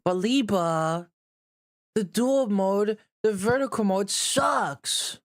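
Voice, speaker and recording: A man mimicking a whiny young male chatter with a slow, mocking whine. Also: high-pitched, voice pushed up.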